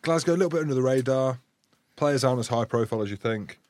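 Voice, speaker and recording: A man's voice: medium pitch, fast, a little mellow. A man hosting a rugby podcast, boisterous and teasing, laughing often as he chats in a studio. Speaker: podcast host and former rugby player. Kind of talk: banter-filled casual chat.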